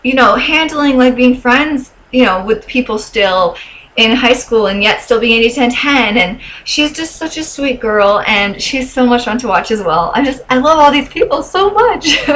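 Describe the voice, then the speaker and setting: A young woman chats casually to her camera as a vlogger, gushing with enthusiasm. Her voice sits a bit high, and she fills her talk with likes, ums and small laughs. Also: animated, measured pace, fairly bright tone, a little hiss or hum, low-quality recording. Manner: gushing, chatty, with fillers and laughs. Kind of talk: casual chat.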